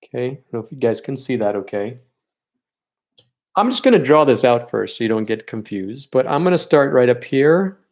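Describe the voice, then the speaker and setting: A man leads a live-streamed painting lesson at a relaxed, talkative clip. He encourages his viewers as he works through each step and gets openly sentimental about the students he misses. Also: medium pitch, moderate pace. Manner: chatty and encouraging, talks while working. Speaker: art teacher leading a paint night.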